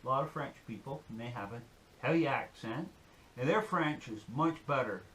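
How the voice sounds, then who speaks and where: Man, folksy, rambling, casual, mid-pitched voice, faint hiss. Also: animated, moderate pace, pushed and bright. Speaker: outdoor-skills YouTuber. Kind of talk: casual demonstration and joke-telling.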